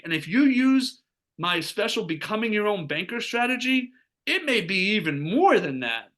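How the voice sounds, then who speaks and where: A man talking as a financial advisor, getting fired up as he pitches a strategy, asking rhetorical questions and acting out what clients say. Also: big pitch swings, moderate pace, pushed and bright. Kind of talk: energetic sales pitch talk.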